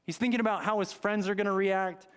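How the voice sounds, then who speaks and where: Male pastor, higher register, conversational storytelling sermon in a church. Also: steady tone, quick pace, clear, resonant tone. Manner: conversational storytelling, retelling scripture dramatically. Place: church sanctuary.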